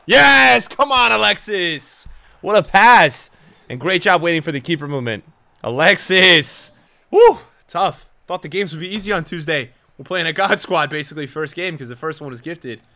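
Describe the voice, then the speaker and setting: A young man commentating his own football video game match as a streamer, swinging from low muttering to loud outbursts. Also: a little fast, no echo. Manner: emotional, swings from muttering to shouting. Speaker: gaming streamer. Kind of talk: live gameplay commentary.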